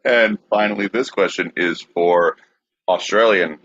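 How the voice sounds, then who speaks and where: A man hosts a podcast, reading out questions in an easygoing way. His voice sits fairly low, and the recording is dry and dull, like a lo-fi mic. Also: measured pace, a bit bright, no echo. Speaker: podcast host. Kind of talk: casual podcast hosting.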